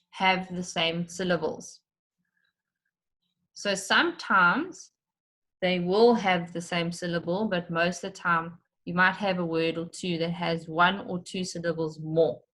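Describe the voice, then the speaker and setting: A woman's voice: fairly low pitch, pushed and bright. A woman teacher giving an online lesson for children, explaining step by step and stretching out words to show their syllables.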